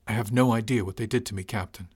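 A subdued, withdrawn young crewman, as a male audiobook narrator voices him. His low voice stays quiet and hesitant, heavy with low spirits. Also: fairly even intonation, fast, husky, dry recording, clean studio sound. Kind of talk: audiobook character voice.

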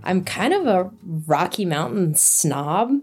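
A woman with a lowish voice recounts her own story at an unhurried pace. She is lively, laughs as she talks and acts out quoted lines. Soft music plays faintly behind her. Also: breathy edge. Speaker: interviewee telling a hiking story. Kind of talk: casual storytelling.

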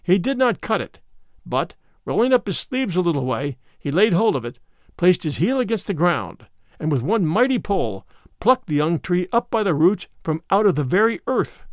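A man's voice: high voice, no room sound, studio quality. Man reading an old tale aloud. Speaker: narrator. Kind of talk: audiobook narration.

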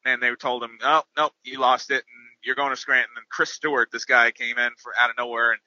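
Man guesting on a sports podcast, very bright tone over a dull lo-fi line. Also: mid-range voice, little pitch movement, fairly quick, no room sound. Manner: thinking aloud with restarts. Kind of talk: casual sports chat.

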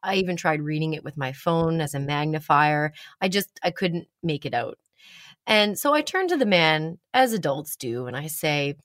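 Low-voiced woman telling a lively story. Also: dry recording, studio quality. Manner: animated, dramatic pauses, rising pitch when excited. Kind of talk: casual personal storytelling.

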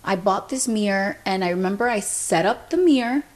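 A woman's voice: medium pitch, a little fast. Chatty young woman podcast host. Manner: chatty, fills speech with "like", retells events through quoted dialogue. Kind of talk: casual storytelling chat.

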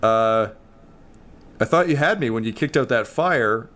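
A man's voice: medium pitch, animated, unhurried, a bit bright. A man voicing a big, awkward talking dog who is embarrassed and apologetic. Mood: sheepish.

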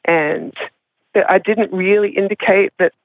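A woman's voice: medium pitch, fairly even intonation, measured pace, dry recording. A woman caller telling a personal story in a casual confessional way, rambling with lots of "like" and frequent laughter. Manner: rambling, heavy use of "like", laughs often. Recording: tinny phone line.

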